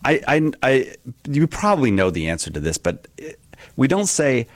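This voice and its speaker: A man's voice: medium pitch, sing-song, normal speed, no echo. A man sitting in as host of a call-in show, chatting casually and joking at his own expense, often laughing. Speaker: guest host. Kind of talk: casual radio call-in chat.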